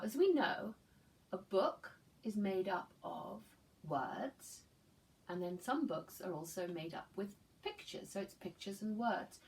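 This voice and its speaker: A woman preschool teacher reading a picture book aloud to young children, slow and gentle, pausing to ask simple questions. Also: medium pitch, creaky, far from the mic, slight background noise, low-quality recording. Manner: slow, gentle, with loud animal sounds in the story.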